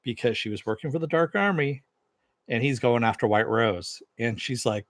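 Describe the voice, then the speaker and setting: A man's voice: medium pitch, normal speed, fairly bright tone, no room sound. A man reviewing a TV series, retelling an episode's scenes in a loose, casual way, paraphrasing the dialogue and filling gaps with "uh" and "kind of thing".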